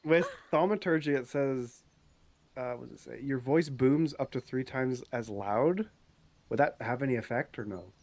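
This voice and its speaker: A young man playing in a tabletop game, excitable and thinking out loud, swearing freely. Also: mid-range voice, normal speed. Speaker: player. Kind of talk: casual game chat.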